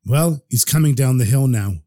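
A man's voice: medium pitch, animated, moderate pace, dark tone, no room sound, studio quality, lightly acted. A man voicing a nervous ordinary townsman in a told story. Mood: fearful.

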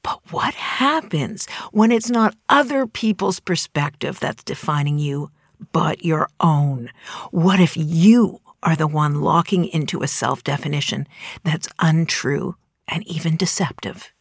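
A woman in her forties speaks in a somewhat low voice, with an earnest, measured delivery. The recording is close and dry, with no room around it. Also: husky, no echo. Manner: earnest, measured, dramatic emphasis. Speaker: inspirational speaker. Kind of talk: reflective spoken essay.

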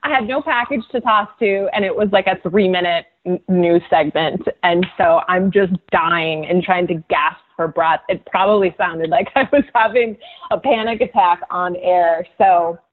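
A woman TV host telling stories as a podcast guest, animated and laughing often, with lots of "like" fillers. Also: fairly low pitch, moderate pace. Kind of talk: casual podcast interview storytelling. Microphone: remote call. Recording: tinny phone-like call audio.

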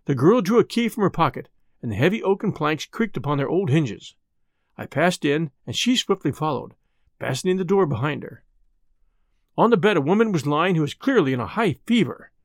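A man reading a detective story aloud with expressive storytelling. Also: on the high side, no room sound, clean studio sound. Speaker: audiobook narrator. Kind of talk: scripted narration.

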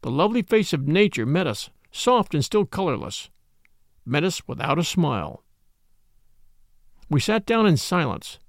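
Gravelly-voiced male audiobook narrator. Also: fairly high pitch, sing-song, a little slow, long pauses, no room sound, clean studio sound. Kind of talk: dramatic first-person narration.

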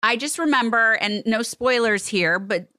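A middle-aged woman co-hosting a casual chat, animated and exclamatory, stretching words for emphasis. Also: a little high, dry recording, clean studio sound. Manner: animated, exclamatory, with drawn-out stresses. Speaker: podcast co-host.

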